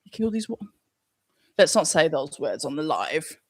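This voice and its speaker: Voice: medium pitch, big pitch swings, normal speed, husky, no room sound, clean studio sound. A host running a live watch-along stream, reading viewer comments aloud and chatting casually as they think aloud.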